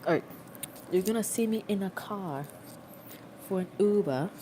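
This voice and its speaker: A woman's voice: mid-range voice, moderate pace, noisy background. A young adult woman rambling in a casual, self-mocking livestream chat, recorded on a phone.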